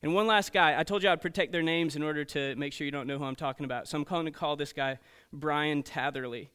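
A man preaching to teenagers as a youth pastor, telling stories in an animated way and checking in often with "okay?" and "right?". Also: fairly high pitch, fast, clear, resonant tone. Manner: storytelling, animated, frequent "okay?" and "right?" asides. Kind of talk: sermon to teenagers.

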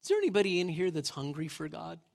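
Male pastor, middle-aged, conversational sermon delivery, lively scripture storyteller, a touch high-pitched. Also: quick pace, gravelly. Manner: conversational, asks the congregation questions. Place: church sanctuary.

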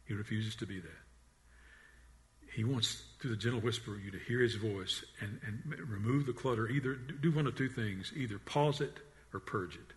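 A man preaching a sermon in an earnest voice, often repeating and restarting words, and dropping to a hush on the quiet lines. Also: on the low side, moderate pace. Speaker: pastor.

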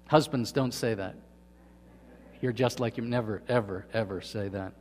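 A man preaching a sermon to his congregation, asking them questions and swinging from quiet to emphatic. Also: on the low side, normal speed, big-room sound, slight background noise. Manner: asks the congregation questions, swings between soft and loud. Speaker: pastor. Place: church hall.

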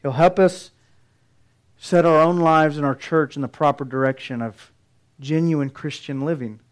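A man's voice: a little high, fairly even intonation, a little slow, clear, resonant tone. A middle-aged male pastor preaching a sermon, earnest and building emphasis through his points.

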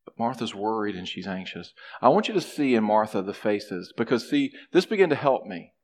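A man preaching a sermon, animated, acting out a character's complaints in a raised voice. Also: fairly low pitch, a little fast. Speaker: pastor.

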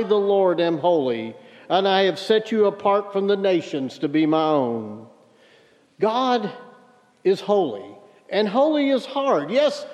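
Male pastor, high voice, storytelling sermon; dull recording with long hall reverb. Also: a little mellow. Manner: storytelling, emphatic preaching.

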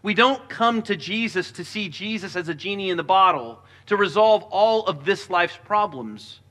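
A man delivering a sermon with a bright, forceful voice pitched a little high. He preaches earnestly and drops lower and softer when reading scripture. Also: animated, moderate pace. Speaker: pastor.

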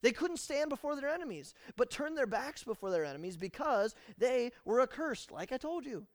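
A male preacher giving a sermon in an animated, conversational way, laughing along as he goes. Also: extremely high pitch, brisk, dry recording, studio quality.

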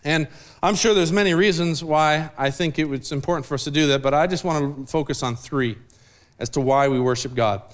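A man's voice: fairly high pitch, brisk. A man preaching a sermon as pastor in a church, casual and joking as he acts out people's lines. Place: church sanctuary.

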